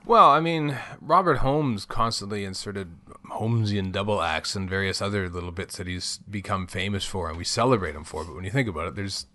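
A man's voice: low voice, fairly quick, hardly any pauses, bright, forceful tone. A man co-hosting a podcast, chatting casually and rambling with lots of fillers. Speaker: podcast co-host.

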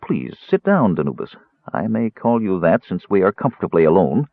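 A man voicing a smooth, mild-mannered elven high priest who is quietly menacing, on a tinny, dry recording. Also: very animated, moderate pace, no room sound, full character voice. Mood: silky.

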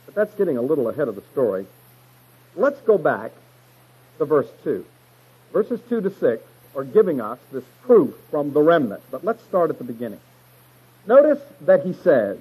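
A man's voice: a little high, darkish tone, breathy edge, poor audio. A man teaching verse by verse through a Bible passage, stressing key words emphatically and retelling the stories in a folksy way.

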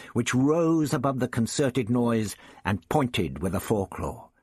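A man reading a story aloud with expressive, dramatic narration. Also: mid-range voice, husky, dry recording, studio quality. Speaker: audiobook reader. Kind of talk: scripted narration.

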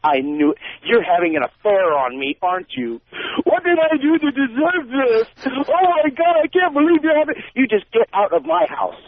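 A male caller voicing a jealous, bossy wife who accuses her husband in a shrill, swooping voice. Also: animated, moderate pace, dry recording. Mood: accusing. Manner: shrill mock falsetto, swinging up and down. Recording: tinny phone line, dry.

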